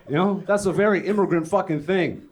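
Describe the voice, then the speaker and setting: A young man doing a profane, conversational stand-up set on a comedy club stage, telling stories and acting out other people's lines. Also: sits high. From Ethiopian, born in Greece, raised in Canada. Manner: profane, conversational storytelling with act-outs. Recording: live club set with crowd laughter. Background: audience laughing.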